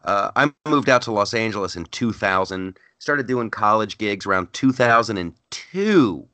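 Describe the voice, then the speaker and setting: A middle-aged man, a comedian, telling stories in a casual interview, animated and often repeating words as he starts a sentence. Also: on the low side, moderate pace, no echo. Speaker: stand-up comedian guest.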